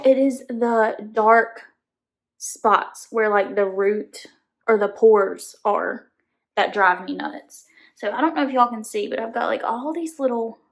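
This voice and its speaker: A woman's voice: on the high side, reverberant. A woman, chatting nervously as she tests a beauty gadget on camera. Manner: chatty, nervous, says y'all. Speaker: beauty vlogger testing a product. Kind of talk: casual product test vlog.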